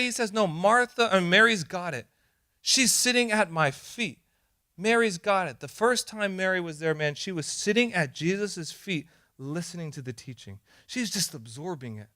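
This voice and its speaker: A man pastor preaching a sermon, animated and emphatic, sometimes acting out quoted voices. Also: high voice.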